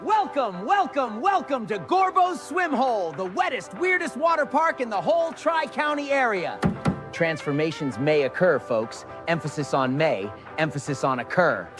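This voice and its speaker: A man's voice: high voice, very animated, normal speed. A man voicing an overexcited male water park tour guide with showman announcer patter. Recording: music bed behind voice.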